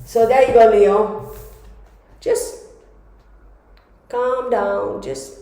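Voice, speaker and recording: A woman's voice: fairly high pitch, steady tone, drawn-out words, dark tone. A woman giving a casual, chatty tarot reading to her viewers, often laughing as she talks. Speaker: tarot reader. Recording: very echoey room.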